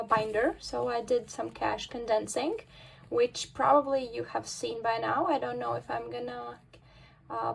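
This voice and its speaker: A woman's voice: a little high, vocal fry, slightly rough, rough recording. A woman from the Baltic states chatting to camera about her budget, talking in a chatty way with many fillers and counting aloud. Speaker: budgeting vlogger. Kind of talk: casual talk to camera.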